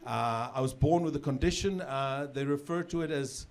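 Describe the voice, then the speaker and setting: A middle-aged man with a South African accent performs chatty stand-up at a medium pitch and moderate pace, with background noise in the mix. He frequently repeats words while setting up jokes, and the live club audience can be heard laughing.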